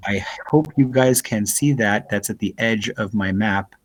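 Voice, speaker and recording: A man's voice: fairly low pitch, unhurried, low-quality recording. Man running a tabletop game, um-filled narration. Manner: descriptive, hesitant with many fillers. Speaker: game master.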